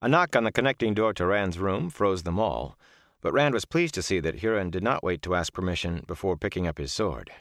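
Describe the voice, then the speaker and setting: Deep-voiced male audiobook narrator. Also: animated, brisk, fairly bright tone, dry recording, clean studio sound. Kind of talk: scripted narration.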